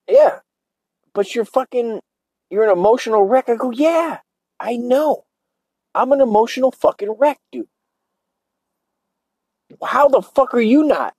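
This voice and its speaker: A man's voice: a little high, a little mellow, slightly rough, no echo, rough recording. Foul-mouthed ranting man, dry close sound. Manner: crude, rambling, swearing constantly. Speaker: show host. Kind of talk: profane comedic rant.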